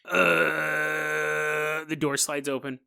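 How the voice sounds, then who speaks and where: Podcast guy telling a weird story for laughs, bright voice, lots of pitch swings, jokey asides. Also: expressive, moderate pace. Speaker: podcast host. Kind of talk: comedic storytelling.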